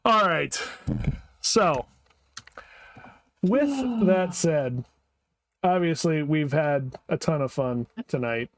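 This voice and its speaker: High-voiced excitable man hosting a podcast. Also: slow pace, pauses often, a little hiss or hum, low-quality recording. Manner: excitable, rambling, repeats words. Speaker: podcast host. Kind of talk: casual chat.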